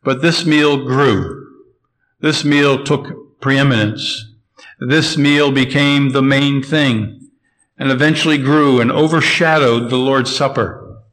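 A man preaching an expository sermon, measured and emphatic, slowing down to stress key phrases. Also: medium pitch, steady tone, fairly bright tone, poor audio.

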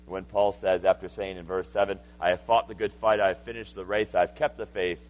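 A man in his thirties preaching a sermon, swinging from loud, emphatic passages to hushed, intimate ones. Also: low voice, level tone, a little fast, poor audio. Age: 30s. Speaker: pastor.

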